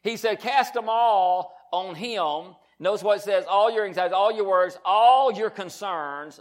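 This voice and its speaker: High-voiced man preaching emphatically. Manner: emphatic, repetitive, reads scripture slowly with stress. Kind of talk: sermon.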